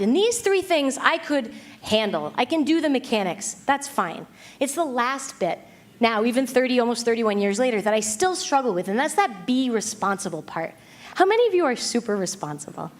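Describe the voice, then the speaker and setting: A woman in her thirties giving an animated, self-mocking talk to a live audience, with quick asides to the crowd. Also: fairly high pitch. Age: 30s. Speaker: speaker.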